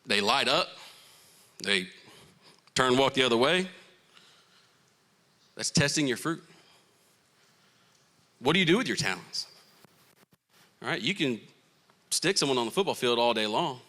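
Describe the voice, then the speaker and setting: A young Southern American man preaching a youth sermon with a bright, forceful voice. He jokes with the crowd and jumps high in pitch when teasing, then settles back into his point. He is from Florida and calls people y'all. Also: unhurried, pauses often. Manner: animated, joking, playful asides to the crowd. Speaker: youth pastor.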